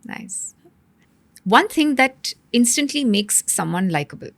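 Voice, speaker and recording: A woman hosts a podcast and fires off short, brisk questions. Her voice sounds dry and close, with no room echo. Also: a little high, expressive. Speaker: podcast host. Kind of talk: interview questions, rapid-fire segment.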